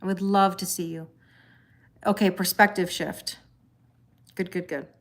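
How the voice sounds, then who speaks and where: A woman's voice: lowish voice, steady tone, a little slow, vocal fry. Middle-aged woman, tarot live-stream host, casual chat with viewers, laughs often. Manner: chatty, greets viewers by name, laughs often. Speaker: tarot reader livestream host.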